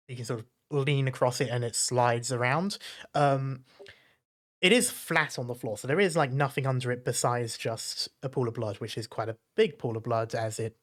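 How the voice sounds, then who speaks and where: Relaxed man narrating a tabletop game. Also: mid-range voice. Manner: descriptive, relaxed, many fillers. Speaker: dungeon master.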